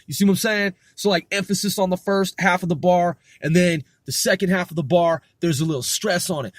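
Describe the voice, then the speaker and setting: Casual rapper, higher-pitched man, talks in loops and restarts, dry close sound. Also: normal speed, dry recording. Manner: rambling, restarts often, swears casually. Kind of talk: casual rehearsal talk with rapped lines.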